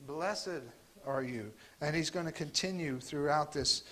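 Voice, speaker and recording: Man preaching a halting conversational sermon. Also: on the high side, bright, forceful tone, poor audio. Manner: conversational, halting with fillers and restarts. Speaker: pastor. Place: church sanctuary.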